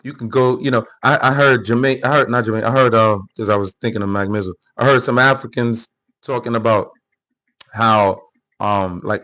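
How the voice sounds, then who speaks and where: On his political livestream, this host speaks at a moderate pace in a steady, medium-pitched voice that turns bright and forceful. Talking straight to his chat, he lectures with heat and emphasis, repeating words and starting over frequently.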